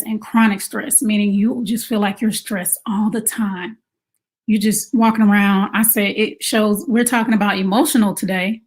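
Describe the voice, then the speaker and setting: A woman coaching mothers in a casual advice talk, conversational and animated, asking rhetorical questions. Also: medium pitch. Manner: animated, acts out quoted moms in exaggerated voices. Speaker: self-care coach for mothers.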